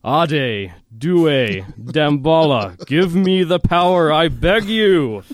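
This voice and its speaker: Man doing a mother's slow menacing killer-doll chant. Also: low voice, flat delivery, darkish tone, no room sound, clean studio sound, voice pushed down, close to an everyday voice. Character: mother faking a possessed killer doll's voice.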